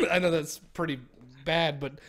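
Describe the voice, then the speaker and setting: A man's voice: a little high, measured pace, a bit bright. A young man ranting profanely in casual chat on a stream, mocking others with exaggerated voices. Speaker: streamer co-host.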